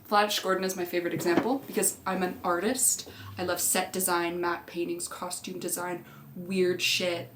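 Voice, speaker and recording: A woman's voice: fairly low pitch, little pitch movement, moderate pace, fairly bright tone, slight background noise. A young woman chatting casually as a vlogger, rambling through tangents and swearing freely. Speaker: movie rewatch vlogger. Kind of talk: casual chat.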